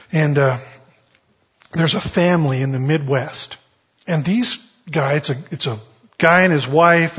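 A man's voice: on the high side, fairly bright tone, husky. A man preaching a conversational sermon, telling a story in a folksy way with many restarts and acted-out quotes. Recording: dull lo-fi sermon recording.

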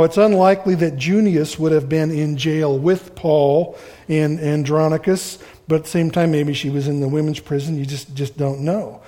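A man preaches in a relaxed, rambling way, stopping to poke fun at himself. His voice sits somewhat high for a man. It rings out with the long reverb of a big church hall. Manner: casual, rambling, self-deprecating. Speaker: pastor. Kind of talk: conversational sermon.

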